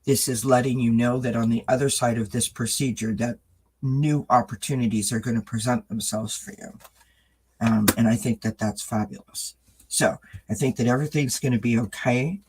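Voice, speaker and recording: Man, tarot reader on a live stream, husky mid-pitched voice, gentle and reassuring. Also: fairly even intonation, normal speed, low-quality recording. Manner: reassuring, greets chat viewers by name.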